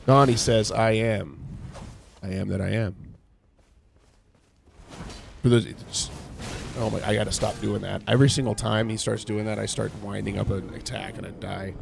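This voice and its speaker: A man's voice: on the low side, steady tone, normal speed, gravelly, long pauses, slight background noise. A man hosting a morning livestream, reading scripture aloud and paraphrasing it with sarcasm while reacting to his game and thanking chat. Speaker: livestream host leading Bible study.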